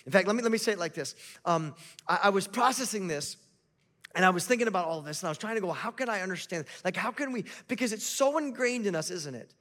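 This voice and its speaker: A man's voice: sits high, expressive, fast, fairly bright tone. A male pastor preaching a sermon in a conversational way, asking the congregation rhetorical questions.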